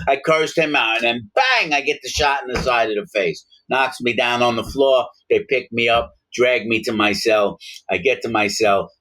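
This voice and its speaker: Brief: man, talking to camera, lively delivery, voices the people in his stories. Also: fairly low pitch. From Long Island, New York. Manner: animated, acts out both sides of dialogues. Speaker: former prisoner telling stories. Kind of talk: casual storytelling to camera.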